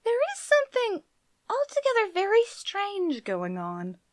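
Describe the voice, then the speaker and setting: A woman's voice: very high voice, huge pitch swings, a little slow, dry recording, clean studio sound, pitched above the performer's own voice, full character voice. A woman voicing a bewildered, panicky Englishman in a live book reading, his lines rising in exasperated outbursts. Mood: flustered.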